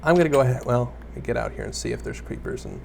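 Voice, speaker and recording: A young gaming YouTuber rambles through casual Let's Play commentary of a block-building game, often mocking himself and talking to viewers and the mobs he meets. His middle-pitched voice swings hugely in pitch, moves quickly, and sounds creaky and a little mellow. A faint ambient hum sits under the recording.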